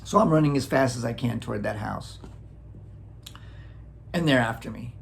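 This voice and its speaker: A man from Wisconsin casually telling a childhood story, animated, acting out sounds and chuckling often. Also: mid-range voice, normal speed, creaky, a little hiss or hum. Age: adult, looking back on childhood. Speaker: vlogger.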